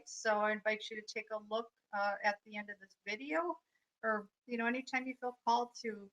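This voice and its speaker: A woman's voice: fairly high pitch, pushed and bright, rough recording. A woman life coach giving a live, earnest spiritual talk, reflective and full of fillers. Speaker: life coach and energy healer.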